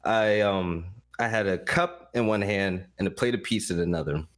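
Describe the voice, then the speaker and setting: Blunt storytelling man, low voice. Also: moderate pace. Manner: animated, blunt, swears freely. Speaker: podcast guest, esports caster. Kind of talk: casual storytelling.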